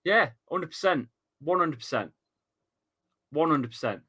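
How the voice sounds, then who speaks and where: Bright chatty football fan. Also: male voice, fairly high pitch, animated, unhurried, husky. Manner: chatty, swears, reads out viewer comments. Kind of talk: live match watchalong commentary.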